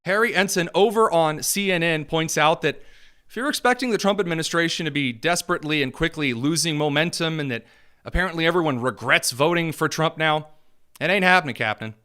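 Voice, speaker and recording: A man's voice: on the high side, a little fast, bright, forceful tone, smooth. A young man from Indiana hosting a political commentary show, talking in a sarcastic, mocking way. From Indiana, USA.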